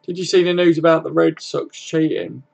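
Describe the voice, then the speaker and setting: A man's voice: fairly high pitch, normal speed, vocal fry, a little mellow. A man hosting a casual live stream, chatting laid-back with viewers, greeting them by name and swearing freely.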